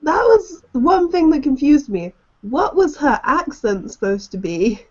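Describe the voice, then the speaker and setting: A woman's voice: sits high, very animated, a little slow. A young woman co-hosting a fan podcast in casual chat, giggling often. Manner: giggly, laughs often between lines. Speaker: podcast co-host. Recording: dull lo-fi home recording.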